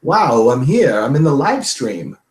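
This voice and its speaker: A man doing an impression of a famous film actor, with strange pauses and a drawn-out, wondering delivery. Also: medium pitch, big pitch swings, reverberant, rough recording. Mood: odd wonder.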